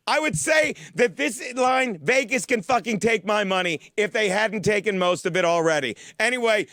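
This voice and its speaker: A man hosting a comic football picks show in a studio, foul-mouthed and mock-boastful, now and then bursting into shouts. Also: very high-pitched, no room sound. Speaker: host of a sports-betting picks show. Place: studio with a teleprompter.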